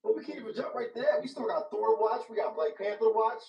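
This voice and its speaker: A man's voice: high-pitched, fast, creaky, lo-fi sound. A man in casual movie chat, chiming in with comments on the film. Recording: echoey room, distant mic.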